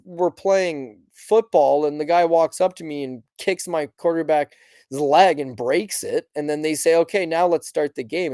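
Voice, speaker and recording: A man's voice: fairly high pitch, dark tone, no echo, clean studio sound. A man hosting a sports podcast, talking in a passionate, rambling way and acting out quotes of fighters and fans. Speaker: podcast host. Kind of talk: casual sports commentary.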